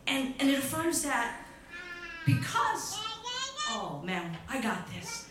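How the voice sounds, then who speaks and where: A woman's voice: high voice, huge pitch swings, slow pace, long pauses, noisy background. A woman co-leading a church talk, playful and affirming, speaking to a congregation. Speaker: co-minister. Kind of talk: sermon talk. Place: church sanctuary. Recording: roomy hall sound.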